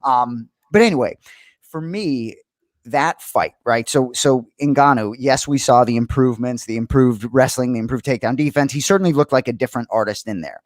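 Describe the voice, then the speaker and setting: A man's voice: mid-range voice, normal speed, no echo. A man in his forties from the Boston area, co-hosting a podcast in casual chat, rambling with many fillers. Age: 40s. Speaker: podcast co-host.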